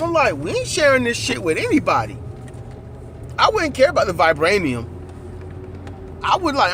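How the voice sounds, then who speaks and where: Guy talking movies in the car, high voice that bounces all over, swears a lot, road hum behind. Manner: animated, profane, acts out lines. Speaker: co-host. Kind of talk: casual movie chat. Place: in a car while driving.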